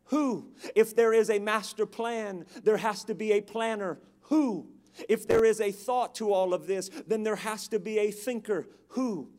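A man's voice: high voice, a little slow, darkish tone. A man preaching a sermon, dramatic and emphatic, with call-and-response to the congregation.

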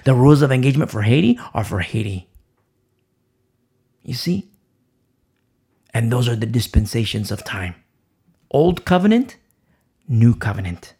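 A man preaching with a gravelly, husky voice pitched a little high. He swings widely in pitch, pressing hard on key words and repeating rhetorical questions, then dropping to a near hush. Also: very animated, a little slow, long pauses. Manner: emphatic, repetitive rhetorical questions, swings from loud to hushed. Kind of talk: sermon.

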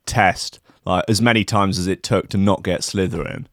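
Wry rambling man, low dry voice. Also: fairly even intonation, normal speed, hardly any pauses, no room sound. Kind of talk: comic storytelling monologue.

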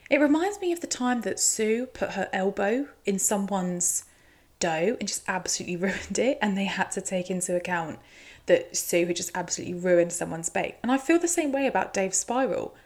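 Wry, gravelly-voiced woman chatting. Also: medium pitch, animated, normal speed, a little mellow. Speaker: show recap host. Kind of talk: casual commentary recap.

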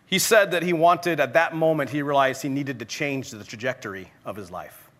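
A young adult male pastor telling a story in a sermon, animated and often laughing at his own anecdote. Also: mid-range voice, moderate pace.

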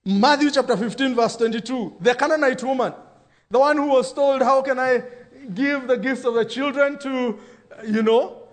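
A pastor preaching a sermon, dropping into quoted voices for emphasis. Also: male voice, extremely high pitch, moderate pace.

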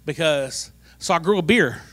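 A middle-aged man tells a lively personal testimony, repeating phrases for comic effect. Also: on the high side, moderate pace. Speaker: church member giving testimony.

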